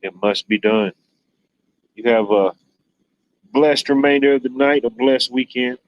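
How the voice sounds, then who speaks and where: A man's voice: mid-range voice, a little slow, no room sound, highs cut off. A man hosting a livestream in casual chat, rambling and joking, with "you know" sprinkled throughout. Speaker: livestream host.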